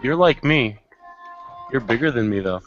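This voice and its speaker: A man's voice: medium pitch, expressive, moderate pace, fairly bright tone, faint music behind, lightly acted. A man doing a big childlike horned fae. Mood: eager. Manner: eager, naive, childlike. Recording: slightly muffled home recording.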